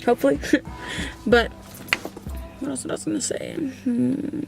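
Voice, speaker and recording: A woman's voice: high-pitched, unhurried, creaky, darkish tone, faint music behind. A woman vlogging casually outdoors beside her car, rambling and swearing offhandedly, on a camera mic in the wind. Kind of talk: casual vlog.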